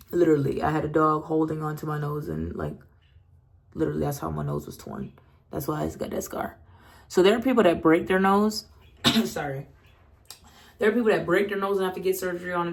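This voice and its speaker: Young woman, slightly low pitch; blunt, profane, lively monologue in a reverberant room. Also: creaky. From Southern United States. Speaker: vlogger. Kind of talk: candid casual monologue. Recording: echoey room.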